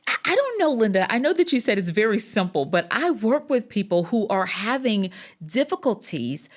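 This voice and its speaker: A woman's voice: mid-range voice, sing-song, normal speed. A woman hosting a podcast interview, affirming her guest and laughing easily. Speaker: podcast host.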